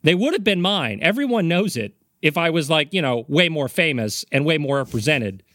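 A man's voice: fairly high pitch, sing-song, brisk, a bit bright, dry recording, studio quality. A man co-hosting a podcast with snarky, long-winded, sarcastic remarks. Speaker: podcast co-host. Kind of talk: casual podcast chat.

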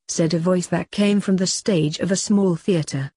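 A woman, a poet and author, reading her own short story aloud in a steady, even storytelling manner. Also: fairly low pitch, normal speed, hardly any pauses, breathy edge, no room sound, studio quality.

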